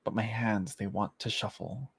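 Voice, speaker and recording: A man's voice: fairly low pitch, fairly even intonation, normal speed, creaky, a bit bright, husky, no room sound. A man doing a casual live-stream tarot reading, chatty and giggly, often trailing off and restarting as he talks to viewers. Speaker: tarot reader answering viewers.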